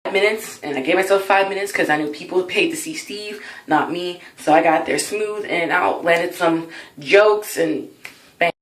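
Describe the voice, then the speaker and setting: A woman in her early twenties telling a personal story in an excitable, dramatic way for her vlog. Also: fairly low pitch, normal speed, reverberant, poor audio. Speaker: vlogger.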